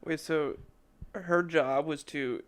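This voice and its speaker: A young man hosting a casual podcast, playful and quick to laugh. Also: on the high side, steady tone, clean tone. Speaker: podcast host.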